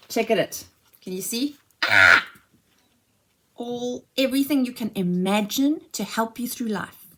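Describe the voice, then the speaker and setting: A woman's voice: medium pitch, fairly bright tone, a little hiss or hum. A mother chatting casually as she unboxes a shopping haul, gushing and exclaiming over each item.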